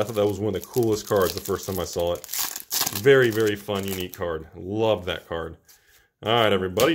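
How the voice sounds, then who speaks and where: A man hosting a casual pack-opening video, chatting excitedly to viewers and cracking jokes between cards. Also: mid-range voice, a little hiss or hum. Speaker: card-opening channel host.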